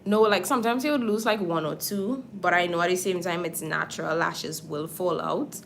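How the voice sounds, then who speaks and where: A woman's voice: fairly low pitch, normal speed, vocal fry, fairly bright tone, slight background noise. A makeup artist chatting casually with her viewers on a livestream while she applies false lashes. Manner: chatty, talks straight to viewers.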